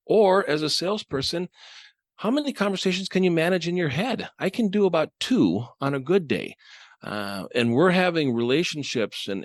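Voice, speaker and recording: Animated man co-hosting a podcast. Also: medium pitch, no room sound, clean studio sound. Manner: animated, chuckles often, voices imagined dialogue. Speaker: podcast co-host. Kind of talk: casual podcast discussion.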